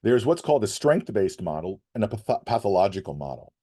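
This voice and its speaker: A man's voice: on the low side, fast, husky. A man giving advice to emergency workers, telling stories and acting out the people in them. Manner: animated, acts out quotes in story. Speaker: guest speaker on resilience. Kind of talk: storytelling advice talk.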